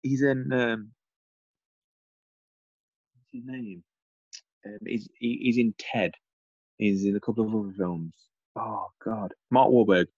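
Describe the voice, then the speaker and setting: A man's voice: lowish voice, expressive, slow pace, creaky, long pauses, darkish tone, dry recording, highs cut off. A middle-aged English man in casual chat, rambling with many restarts and repeats. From England. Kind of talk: casual chat over a call.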